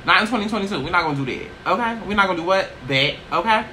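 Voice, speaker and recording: A woman chatting casually in a get-ready-with-me vlog, brash and profane, tossing in "okay?" constantly while seated low in a small chair. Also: expressive, quick pace, bright, forceful tone, slight background noise, rough recording. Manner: brash, profane, sassy, keeps asking "okay?". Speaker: YouTuber.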